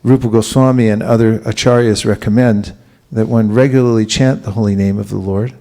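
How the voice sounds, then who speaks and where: Male spiritual teacher, easygoing sermon style, warm dark tone with a gravelly edge, quizzes the room. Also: on the low side, a little fast. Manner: relaxed, asks the audience questions, chuckles. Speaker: spiritual teacher giving a class. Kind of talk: conversational sermon.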